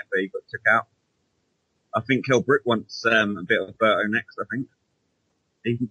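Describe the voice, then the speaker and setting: Man, podcast co-host, casual chat, rambling, hesitant, bright, husky. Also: lowish voice, no room sound, poor audio. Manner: rambling, hesitant, restarts often.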